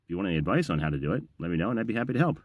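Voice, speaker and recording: Middle-aged male voice actor, low, animated delivery, casual storytelling vlog, dead-dry booth sound. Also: racing, no echo, phone-quality sound. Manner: chatty, storytelling, self-deprecating. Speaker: voiceover actor and audiobook narrator.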